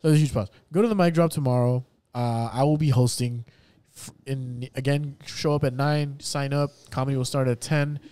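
A man hosting a live podcast, talking in a profane, rambling way and reading out sponsor shout-outs. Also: medium pitch, steady tone, moderate pace, clear, resonant tone, dry recording. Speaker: podcast host. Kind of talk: casual podcast chat and sponsor reads. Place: live venue.

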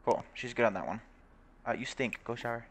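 A man's voice: mid-range voice, fairly quick, a little hiss or hum. A man talking casually while he plays a video game, reading the game's text aloud and cursing freely. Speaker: gameplay video host. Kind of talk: casual gameplay commentary.

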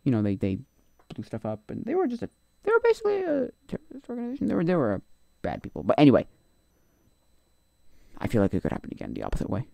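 Rambling man streaming, mellow and dry. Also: fairly low pitch, huge pitch swings, fast, gravelly, dry recording. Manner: rambling and opinionated, trailing off and muttering. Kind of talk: casual live-stream commentary.

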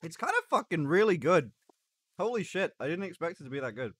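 A man chats on his live stream in a fairly high, lively voice. He swears, jokes and talks through mouthfuls of food. His voice is close and dry on a desk mic. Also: fairly quick, husky, no room sound. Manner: excitable, swearing, joking while eating on camera. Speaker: livestreamer. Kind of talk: casual live stream chat.

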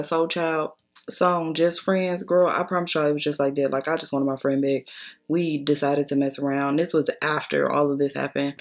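A young adult woman telling a blunt, profane story to her viewers while doing her makeup. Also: sits low. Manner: blunt, profane, chatty, addresses viewers as y'all. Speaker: beauty vlogger.

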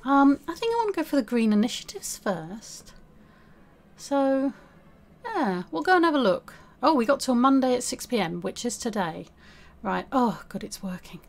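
A woman's voice: a little high, sing-song, normal speed. A young woman chatting casually through a life-sim game as the host, talking to her character as she plays. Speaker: gaming video host. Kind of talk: casual let's-play commentary.

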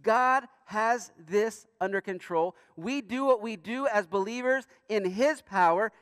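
A man preaching a sermon as pastor in a church, earnest, with emphatic rising bursts and quiet asides. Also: high-pitched, a little slow, hardly any pauses, clear, resonant tone, no room sound, studio quality, in a large hall. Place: church sanctuary.

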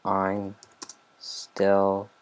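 A man's voice: deep voice, monotone, drawn-out words, smooth, muffled recording. A man giving casual, rambling commentary over his own gameplay, with mumbled asides and lots of fillers. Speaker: let's play host.

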